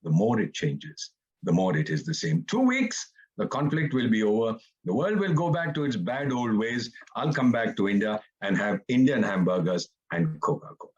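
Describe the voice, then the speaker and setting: A man's voice: on the low side, lively intonation, normal speed, breathy edge, highs cut off. A man in his seventies giving a sarcastic, theatrical panel talk with mocking asides, over a video call. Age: 70s. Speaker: retired ambassador, panelist.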